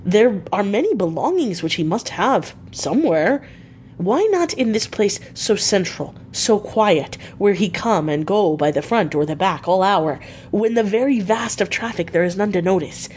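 A woman's voice: mid-range voice, animated, moderate pace, darkish tone, slight background noise, close to an everyday voice. A woman reading a storybook aloud, voicing an elderly foreign male professor who speaks earnestly in broken, formal English. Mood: urgent persuading.

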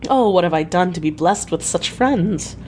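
Frail young woman, sweet, light, grateful, read by a woman, slightly raised pitch. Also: lively intonation, moderate pace, darkish tone, a little hiss or hum, close to an everyday voice.

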